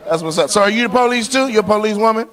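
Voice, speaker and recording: This comic's voice runs high, and there's background noise in the clip. He's doing crowd work at a comedy club, cocky and needling, frequently breaking into laughter, while the live audience laughs and claps.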